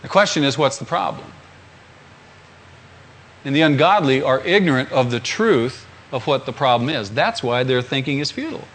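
A man's voice: mid-range voice, lively intonation, normal speed, a bit bright, slight background noise. A man, a pastor, preaching a sermon emphatically, repeating phrases and asking the congregation rhetorical questions.

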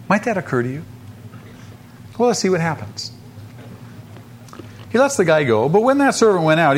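A man preaching a sermon, asking the listeners questions and swinging between loud emphasis and soft drops. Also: on the high side, slight background noise.

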